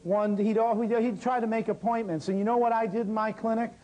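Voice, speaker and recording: Man, fairly high mellow voice, workshop teacher who tells stories and talks straight to the room. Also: fairly quick, rough recording. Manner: lively, talks straight to the audience. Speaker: natural healing teacher. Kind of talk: live workshop storytelling.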